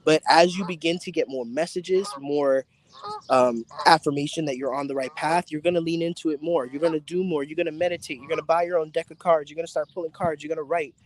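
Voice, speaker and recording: A man with a fairly high voice runs a psychic reading stream from outside in the sun, talking into his phone. He is chatty and easily excited, cursing offhand as he speaks directly to the people watching. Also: fast talker. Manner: excitable, chatty, swears casually, addresses viewers directly. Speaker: psychic tarot reader hosting a live stream. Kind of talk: casual live-stream reading. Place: outdoors in bright sun.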